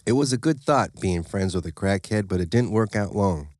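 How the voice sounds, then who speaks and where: A man's voice: lowish voice, lively intonation, normal speed, darkish tone, no room sound, clean studio sound. A man narrating a story in the first person, in a plain, matter-of-fact way. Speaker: audiobook narrator.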